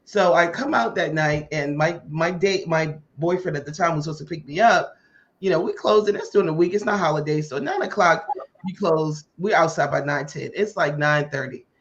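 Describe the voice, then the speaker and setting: A woman hosting a podcast tells a personal story in a casual way and acts out the dialogue with lively voices. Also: low voice, moderate pace. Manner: animated, acts out quoted dialogue. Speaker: podcast host. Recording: muffled lo-fi audio.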